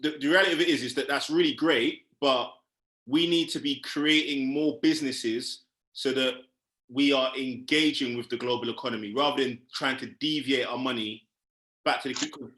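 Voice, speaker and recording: A man's voice: mid-range voice, steady tone, moderate pace, sharp tone, echoey room. A man, a podcast guest, laying out his argument point by point in a group discussion.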